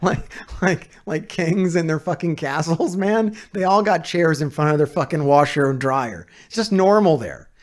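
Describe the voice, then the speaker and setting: A man's voice: a little high, moderate pace, few pauses. A man reacting to a video as a streamer, ranting in casual, heavily profane and exasperated commentary.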